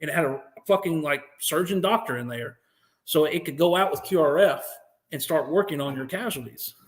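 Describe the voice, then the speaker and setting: American male guest, slightly high voice, animated, swears freely, acts out what others said. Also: brisk. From United States. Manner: profane, animated, acts out quotes. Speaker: podcast guest, veteran. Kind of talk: interview storytelling.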